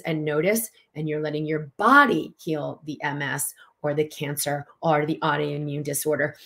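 Earnest woman host, fairly low voice. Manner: earnest, emphatic, answers viewer questions. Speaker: host and physician teaching tapping. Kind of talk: live-stream teaching talk.

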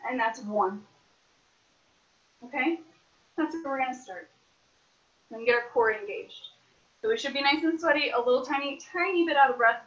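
A woman's voice: high-pitched, normal speed, long pauses, a bit bright. A woman teaching an online dance class, counting beats aloud and coaching her students with upbeat corrections. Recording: echoey room, dull lo-fi sound.

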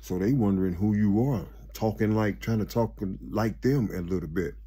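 Husky, low-pitched man, casual spiritual monologue host, rambling, preachy and repetitive. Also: normal speed, warm tone. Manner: rambling and preachy, repeating "you see", building to raised exclamations.

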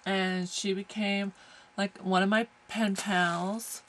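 A woman's voice: mid-range voice, level tone, slow, slight background noise, rough recording. A woman from the United States opening a package on camera, gushing with lots of exclamations. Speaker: crafting vlogger. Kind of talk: casual unboxing chat.

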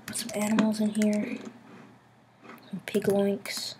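A woman chatting casually while building in a game, playful and silly, rambling to herself and sometimes dropping into soft murmurs. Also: mid-range voice, steady tone, measured pace, pauses often, noisy background. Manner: drops into soft murmurs and whispers. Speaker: Minecraft builder. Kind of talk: casual gameplay commentary. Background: background music and keyboard clicks.

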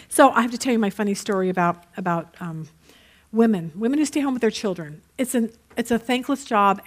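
A woman teaching a Bible study in a conversational way, telling stories and checking in with her listeners. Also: on the high side. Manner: chatty, checks in with listeners with "okay?"; lively storyteller.

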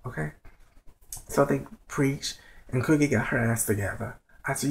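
Gravelly late-night whispering reviewer. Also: medium pitch, a little slow, darkish tone, low-quality recording. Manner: whispering, blunt and profane. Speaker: show reviewer. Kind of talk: casual TV episode review. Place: home at night.

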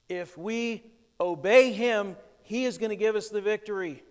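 A man's voice: high voice, unhurried, smooth. A male pastor preaching a sermon in a church, explaining scripture with emphatic, plain conviction. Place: church sanctuary. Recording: long church reverb.

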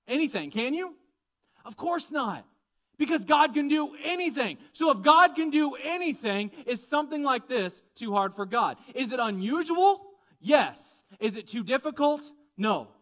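A man preaching a conversational, animated sermon, often asking the congregation questions. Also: very high voice. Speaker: pastor.

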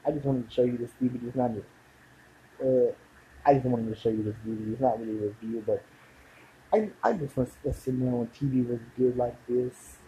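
A man's voice: mid-range voice, fairly quick, dark tone, highs cut off, a little hiss or hum. A man in his thirties talking casually to camera, rambling and forgetful, often trailing off and starting over. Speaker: video blogger.

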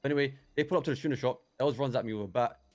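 A man's voice: medium pitch, racing, darkish tone. Rambling young man. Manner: rambling, hesitant, many restarts and fillers. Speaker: roleplayer in character. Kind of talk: in-character roleplay recounting events.

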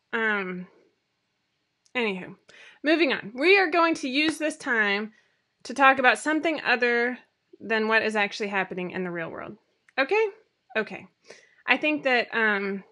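A woman in her thirties hosts a live show from a room at home, talking to viewers through her webcam. Her voice is bright and sits a little high. She rambles cheerfully, pokes fun at herself, and fills the pauses with ums and likes. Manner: chatty, rambling, self-deprecating, many fillers. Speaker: sewing pattern designer hosting a weekly live show. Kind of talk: casual livestream chat.

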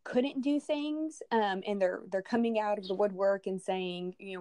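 A woman's voice: medium pitch, moderate pace, warm tone, a little hiss or hum. A married woman from Texas with a Southern Texas accent, chatting as a podcast guest and hesitating often with ums and restarts. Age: adult, married. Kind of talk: casual interview conversation.

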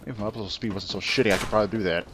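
A man's voice: fairly low pitch, fairly even intonation, racing, noisy background. A man commenting on his own gameplay, rambling between asides and trash-talking the enemies he fights. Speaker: let's play gamer. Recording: game music underneath. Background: game music.

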